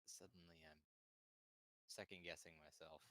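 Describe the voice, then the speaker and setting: A man chatting while gaming, excitable and swearing freely. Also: sits low, moderate pace, no room sound, poor audio. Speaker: player. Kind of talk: casual gaming chat.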